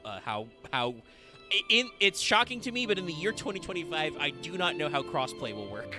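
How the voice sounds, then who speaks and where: Chatty streamer guy, lively voice all over the place, cusses a lot, game music behind. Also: a little high, brisk. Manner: rambling, sweary, animated. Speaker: let's play streamer. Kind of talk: casual chat over gameplay.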